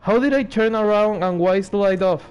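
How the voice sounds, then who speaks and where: A man's voice: high voice, brisk, a little mellow, clear, resonant tone, lo-fi sound, faint music behind. A man giving sarcastic, nervous commentary while playing a horror game, swearing and laughing when scared. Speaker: gaming streamer. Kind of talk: let's play commentary.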